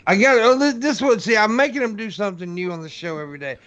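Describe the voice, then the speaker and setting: Joking higher-voiced male podcast guest. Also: fast, fairly bright tone, no room sound, lo-fi sound. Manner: joking, hesitant rambling. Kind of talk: casual podcast chat.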